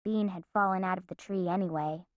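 A woman narrating a children's storybook in an expressive, playful way. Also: fairly low pitch, a little fast, dry recording, muffled recording. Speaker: audiobook narrator.

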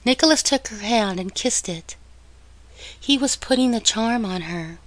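Slow, measured woman narrating an audiobook. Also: on the high side, expressive, no echo, low-quality recording.

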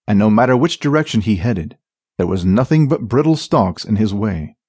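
A man narrating a fantasy audiobook in a dramatic, expressive reading. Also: medium pitch, normal speed, breathy edge, no room sound, studio quality.

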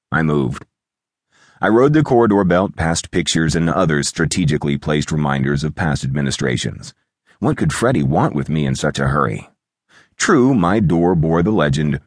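A man narrating a first-person audiobook in a wry, expressive storytelling manner. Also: a bass voice, dry recording, studio quality.

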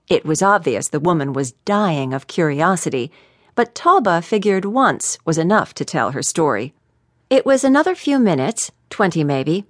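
A woman narrating a mystery audiobook in an expressive, animated way. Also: lowish voice, no echo, clean studio sound.

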